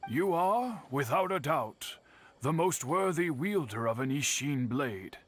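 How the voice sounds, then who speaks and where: An actor playing an elderly, patient master bladesmith in a game, speaking in a measured, formal way. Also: male voice, a little high, animated. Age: older. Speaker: game character. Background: game music.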